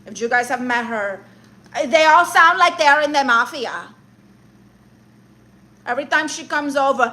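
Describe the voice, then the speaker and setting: A woman's voice: high-pitched, a little slow, pauses often, sharp tone. A woman live streaming comedy who rants and roasts her viewers in a brash, sassy, mock-insulting way, with Spanish exclamations thrown in.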